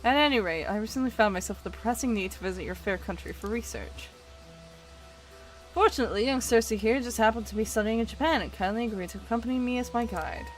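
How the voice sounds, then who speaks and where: A woman's voice: fairly high pitch, fast talker, faint music behind, natural voice, rough recording. A woman voicing a flamboyant, pompous male writer from a game, with theatrical, grandiose delivery. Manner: theatrical, grandiose, loud exclamations. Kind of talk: reading game dialogue aloud.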